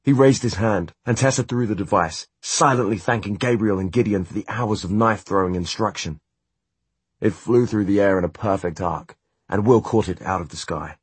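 A man narrating a novel as an audiobook in a steady, measured reading. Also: lowish voice, husky, dry recording. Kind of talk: scripted narration.

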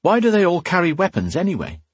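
A man voicing a young male servant who speaks anxiously and deferentially to his master, his voice pitched higher than his own. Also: wildly swooping pitch, fast talker, breathy edge, no room sound, heavily acted. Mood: nervous.

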